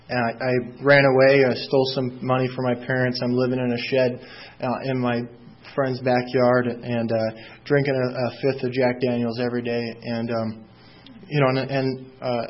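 Halting man telling his recovery story. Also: medium pitch. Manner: halting, many fillers and restarts. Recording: slightly dull lo-fi recording.

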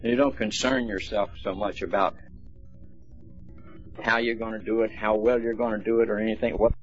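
A man's voice: on the low side, level tone, normal speed, husky. Folksy man giving a recovery talk. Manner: folksy storytelling, plainspoken. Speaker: speaker at a recovery meeting. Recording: dull lo-fi recording, faint music.

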